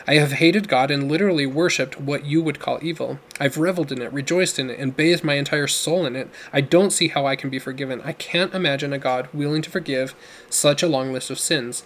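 A man's voice: a little high, brisk, a bit bright. A man voicing a remorseful, ailing former criminal who pleads earnestly and despairingly.

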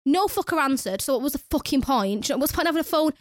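A woman's voice: high-pitched, expressive, racing, slight background noise. A young woman who works at a nursery, telling a story in casual chat with lots of swearing and exasperated ranting. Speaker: nursery worker.

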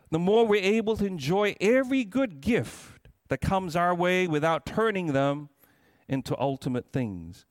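Slow, expressive male preacher. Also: sits high, no room sound, clean studio sound. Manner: earnest, questioning, emphatic. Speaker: pastor. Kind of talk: sermon.

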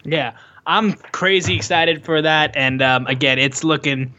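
A man co-hosting a casual wrestling podcast, excitable and loose, with lots of swearing and "like" fillers. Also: fairly high pitch, unhurried, dull audio. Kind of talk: casual chat recapping a wrestling show.

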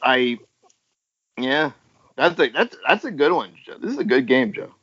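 A man's voice: medium pitch, animated, moderate pace, a bit bright, breathy edge. A man taking part in a casual podcast quiz and reacting to the answers. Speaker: quiz contestant. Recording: dull lo-fi sound.

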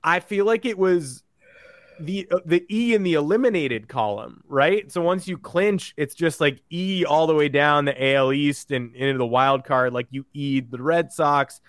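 A man co-hosting a sports podcast in casual chat, telling stories in an animated way and acting out what others said. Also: a little high, moderate pace, no echo, clean studio sound. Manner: animated storyteller who acts out quotes.

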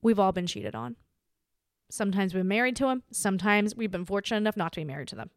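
Speaking quickly in a mid-range voice, this podcast host talks directly to her listeners in a candid, animated, casual chat full of "like." The studio recording is clean, with no echo.

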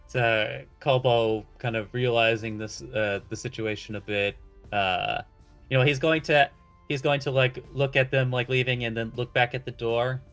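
A man playing a tabletop game, describing his moves haltingly with many fillers. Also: medium pitch, steady tone, a bit bright, faint music behind. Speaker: player.

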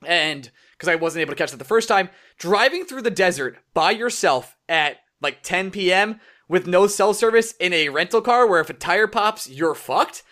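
A young man co-hosting a podcast, telling a story in casual chat and acting out quotes with a lively voice. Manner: animated, acts out quotes in higher voice. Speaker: podcast co-host.

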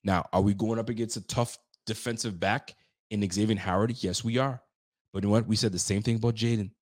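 A man with a lowish voice hosts a casual sports talk show, ranting emphatically, trash-talking and frequently repeating himself.

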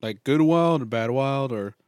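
A man reacting in casual podcast chat with quick, joking banter. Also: medium pitch, darkish tone, clean tone, dry recording, clean studio sound.

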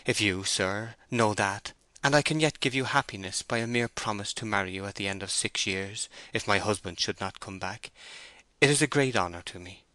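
A proud young woman farm owner, torn and anxious, her words tumbling out earnestly, as a male reader puts her on. The voice sits just above a man's own low register, bright and forceful, in a dry, close recording. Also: moderate pace, no echo. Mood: troubled. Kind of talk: audiobook character voice.

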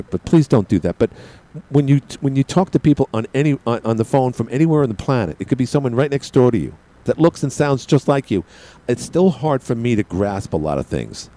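Brooklyn-accented male talk host, mellow voice that swings up and down, digressive and self-mocking. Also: medium pitch, big pitch swings, fast talker, low-quality recording. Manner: chatty, digressive, self-deprecating. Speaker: radio show host. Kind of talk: rambling monologue.

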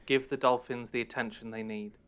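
A man chats on a casual podcast with a bright, clear voice. He teases the others in a wry, playful way. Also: mid-range voice, fairly even intonation, brisk. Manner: teasing, wry. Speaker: podcast co-host. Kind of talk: casual chat.

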